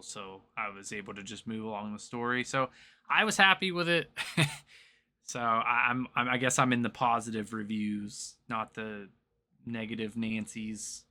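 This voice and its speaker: A man with a very bright, forward voice and a Southern US accent, hosting a gaming podcast among friends. He talks casually, hedging and restarting with plenty of "like" fillers. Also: medium pitch. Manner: relaxed, filler-heavy, hesitant. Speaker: podcast host. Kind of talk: casual chat.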